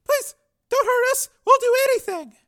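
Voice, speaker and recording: A man reading a crime novel aloud, putting on a shrill falsetto for frightened, pleading young women. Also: moderate pace, bright, forceful tone. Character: terrified young female prostitutes, pleading.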